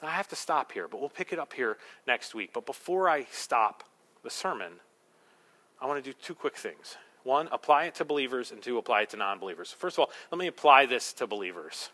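A man's voice: medium pitch, very animated, a little fast, sharp tone. A male pastor preaching a sermon, emphatic, with rhetorical questions and humorous asides.

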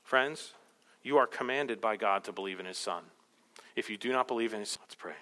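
A man's voice: fairly low pitch, fairly quick, sharp tone. A male pastor preaching a sermon in a church, impassioned and building to emphatic peaks. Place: church sanctuary. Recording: long reverb of a large hall.

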